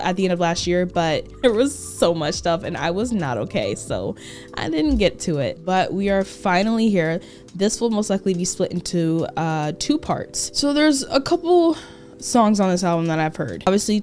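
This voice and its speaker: A woman's voice: fairly low pitch, a little mellow. A young woman, a student, chatting casually and emotively to camera as a reaction YouTuber, rambling with fillers and laughs.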